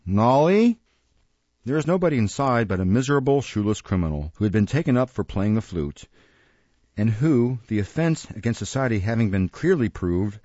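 A man reading a classic novel aloud as an audiobook narrator in a measured way. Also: lowish voice, dark tone, no echo, lo-fi sound. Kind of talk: scripted narration.

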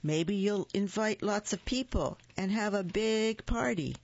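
A woman voicing a patient mother who gently suggests ideas to her daughter. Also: medium pitch, measured pace, dry recording, voice pushed up. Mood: gentle. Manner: gentle, encouraging. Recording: dull lo-fi recording.

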